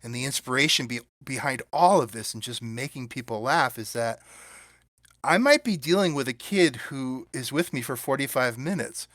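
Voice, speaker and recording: A man talking casually as an interview guest, telling animated stories with bursts of acted-out quotes. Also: mid-range voice, normal speed, no room sound, clean studio sound. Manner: animated, acts out quoted voices. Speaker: guest puppeteer.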